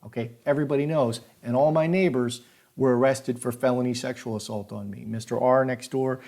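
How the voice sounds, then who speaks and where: A man's voice: medium pitch, steady tone, gravelly, a little mellow. A man telling a story in a casual, rambling way, often repeating himself and restarting his sentences. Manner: rambling, repetitive, halting restarts. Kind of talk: casual spoken recollection.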